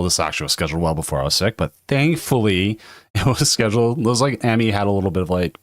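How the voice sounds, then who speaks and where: A man with a hoarse voice from a cold, hosting a casual tournament livestream and rambling with frequent laughs. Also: deep voice, no room sound, studio quality. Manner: rambling, self-interrupting, laughs often. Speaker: tournament stream host.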